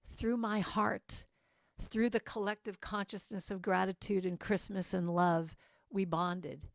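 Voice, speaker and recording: A woman giving a lively storytelling message at a church service, acting out the voices of people in her story. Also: medium pitch, no echo, studio quality. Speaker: guest musician and speaker. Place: church sanctuary.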